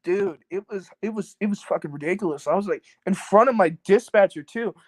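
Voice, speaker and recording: A man's voice: high voice, fairly quick, no echo, rough recording. Man, podcast guest, rambling anecdote, heavy cursing, lots of "like", dry sound. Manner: rambling, profane, many fillers; acts out quoted people. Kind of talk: casual storytelling.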